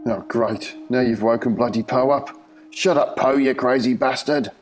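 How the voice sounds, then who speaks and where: A man's voice: medium pitch, fairly even intonation, normal speed, faint music behind, voice pushed up, close to an everyday voice. A man doing a crazed Scouse prisoner. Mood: annoyed. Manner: loud, jeering, coarse. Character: crazed wiry male prisoner, giggling and mocking.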